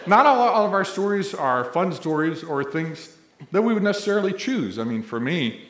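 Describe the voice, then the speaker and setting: A man's voice: mid-range voice, fairly bright tone. A middle-aged man from Missouri, a college president, giving a humorous ceremony speech full of stories to an audience in a large hall. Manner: humorous, conversational storyteller, playing to the audience. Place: large indoor event hall. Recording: echoey hall.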